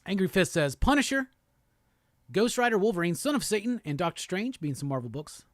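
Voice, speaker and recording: Man, high voice, loose profane chatter, reading chat comments, dry close sound. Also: big pitch swings, fairly quick, no room sound. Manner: loose, profane, rambling, reads viewer comments aloud. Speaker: live show host reading chat. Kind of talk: casual livestream chat.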